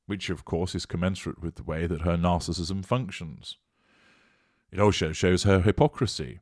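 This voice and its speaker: A man with a very low voice delivers scripted commentary, dripping with scorn and sarcasm. His voice is recorded close and dry, with no room sound. He reads out news lines and then picks them apart. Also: no room sound.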